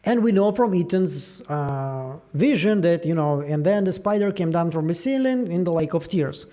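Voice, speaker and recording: High-voiced man musing over show theories. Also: normal speed. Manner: musing aloud, animated, trailing fillers. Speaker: show theory channel host. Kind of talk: casual theory breakdown.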